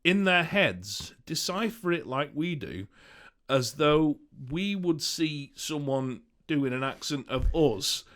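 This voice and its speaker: A man's voice: a little high, lively intonation, slow, a bit bright. A man co-hosting a podcast, musing aloud in a rambling, insistent way. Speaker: podcast co-host. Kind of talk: casual banter.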